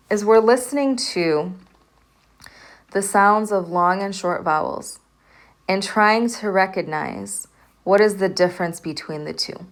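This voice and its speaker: A woman professor giving a recorded lecture, patiently repeating sounds for her students to hear. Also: on the low side. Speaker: Arabic language professor.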